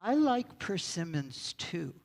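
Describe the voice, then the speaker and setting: A woman voicing a big, sullen drunk laborer who speaks slowly and heavily. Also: lowish voice, sing-song, darkish tone, full character voice. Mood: mournful. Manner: slow, gruff, defeated.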